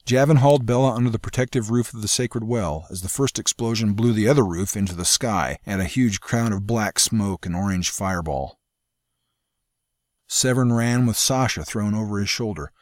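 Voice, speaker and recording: A man reading a fantasy novel aloud in a measured, dramatic storytelling manner. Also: lowish voice, a little mellow, no echo, clean studio sound. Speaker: audiobook narrator. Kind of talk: scripted fantasy narration.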